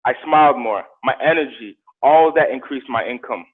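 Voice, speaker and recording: A man's voice: medium pitch, normal speed. A man guest on a podcast, telling stories in a casual chat and acting out the voices of the people in them. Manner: animated storyteller, acts out quoted voices. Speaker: podcast guest, motivational speaker. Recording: tinny phone-like line.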